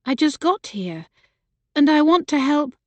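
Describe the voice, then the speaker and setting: A woman reader doing a caring, worried young sister. She speaks in a soft, coaxing tone. The voice is pitched a little high, in a dry, close recording. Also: sing-song, measured pace, no echo. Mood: concerned. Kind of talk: audiobook character voice.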